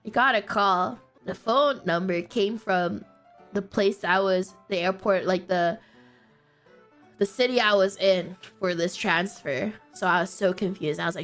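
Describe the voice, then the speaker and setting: A woman streamer telling a story in a casual way, animated and often breaking into laughter. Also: on the low side, normal speed, soft background music.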